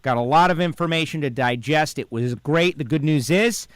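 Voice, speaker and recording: A man's voice: on the high side, normal speed, no room sound. A man hosting a podcast interview, talking in an upbeat, enthusiastic way and playfully teasing his co-host.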